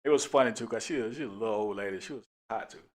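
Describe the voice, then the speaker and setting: A middle-aged police officer who hosts a talk show tells a casual story in a laid-back way, laughing often. His voice is fairly low in pitch and he speaks at a racing pace.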